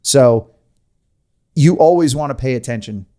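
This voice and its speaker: A man hosting a podcast, telling a story in casual chat with animated delivery, rambling asides and frequent laughs. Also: mid-range voice, measured pace. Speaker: podcast host.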